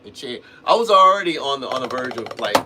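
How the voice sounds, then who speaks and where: On a very noisy livestream, a man with a medium-pitched, sing-song voice talks briskly about drumming. His casual teaching chat rambles, with restarted sentences and plenty of "man" and "you know."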